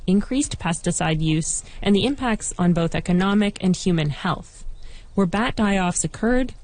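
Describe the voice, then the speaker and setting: Low-voiced woman narrating a documentary. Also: a little mellow, low-quality recording. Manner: measured, clear storytelling delivery. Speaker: reporter.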